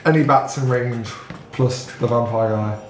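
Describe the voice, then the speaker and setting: A man playing a tabletop game, describing his turn in a brisk, matter-of-fact way. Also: mid-range voice, steady tone. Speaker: player. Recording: echoey room with faint noise.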